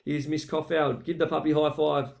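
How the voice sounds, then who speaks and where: A man calls a video in the manner of a football commentator, teasing and lively. His voice sits a little high for a man. The delivery is quick with one-liners. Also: gravelly. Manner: playful, teasing, animated commentator. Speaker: mock sports commentator. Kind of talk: jokey mock football commentary.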